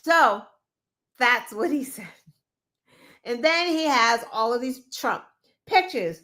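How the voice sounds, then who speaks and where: Sarcastic woman host, slow and pointed. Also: on the high side, expressive, bright, forceful tone. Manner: opinionated, sarcastic, mimics people she talks about. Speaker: podcast host. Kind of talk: casual political commentary.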